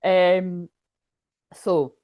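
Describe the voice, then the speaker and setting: Chatty Scottish woman, rambling and low-pitched. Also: steady tone, drawn-out words, dark tone. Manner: rambling, chatty, laughs often. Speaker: tarot reader. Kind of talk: casual livestream chat.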